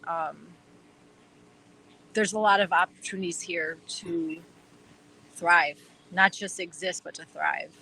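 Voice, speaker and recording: A woman's voice: fairly low pitch, fairly bright tone, a little hiss or hum, low-quality recording. A woman with a Wisconsin accent, a podcast guest chatting eagerly about her team in a rambling way with plenty of fillers. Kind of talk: casual chat.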